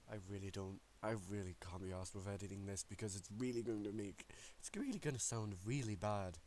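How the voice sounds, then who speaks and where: A man's voice: fairly low pitch, a little mellow, slight background noise. A young man hosting a let's play, reading game text aloud with casual, profane, self-mocking commentary. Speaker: gaming channel host.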